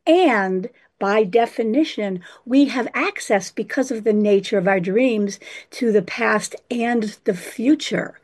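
A woman's voice: on the high side, slow, darkish tone, breathy edge. A woman explaining dreams in a flowing, spiritual way, using terms like hypnagogic and sacred space. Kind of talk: reflective explanation.

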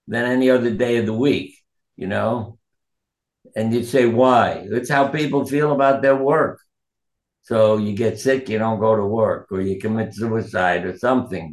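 A man who is a doctor and author tells earnest stories from his practice during an interview, quoting the people involved. His mid-range voice sounds reverberant, and the storytelling is reflective.

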